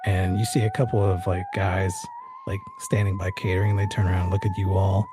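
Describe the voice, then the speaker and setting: A man's voice: sits low, lively intonation, fairly quick, over music. A man running a tabletop game as game master, narrating scenes in a loose, descriptive way with fillers.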